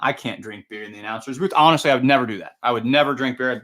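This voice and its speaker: A man's voice: mid-range voice, racing, bright, forceful tone. Chatty, upbeat male show host. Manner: chatty, rambling, upbeat anecdotes. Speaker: tractor pull announcer and show host. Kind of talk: casual livestream storytelling.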